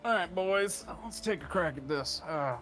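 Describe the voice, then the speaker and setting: A high-pitched man talks casually on a stream. His pitch leaps around as he rants and jokes, swearing freely. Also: a little slow, faint music behind. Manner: animated, profane, joking rants. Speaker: guest co-streamer.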